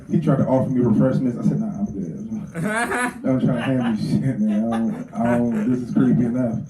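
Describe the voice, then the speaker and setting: A man doing a crude stand-up set at a garage open mic, telling stories excitably and getting loud. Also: mid-range voice, brisk, a crowd in the background. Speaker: stand-up comedian. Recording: roomy garage heard from far off.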